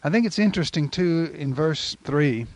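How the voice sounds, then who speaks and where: A man preaching a sermon in a folksy, animated storytelling manner, retelling scripture with acted quotes. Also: a little high, moderate pace, no echo.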